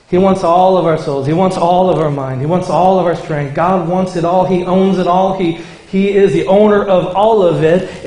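A man preaching a sermon, swinging between emphatic declarations and casual asides to his listeners. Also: high voice. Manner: emphatic, rising to forceful declarations, then conversational asides to the congregation. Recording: echoey room.

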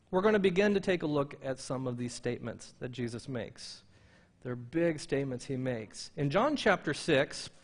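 A man preaching a sermon as pastor, emphatic and slowing down to stress quoted lines, often repeating words as he restarts. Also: a little high, a bit bright.

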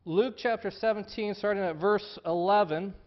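A man's voice: high voice, normal speed, dull audio. A male pastor preaching a sermon in a conversational storytelling way, often repeating words as he goes.

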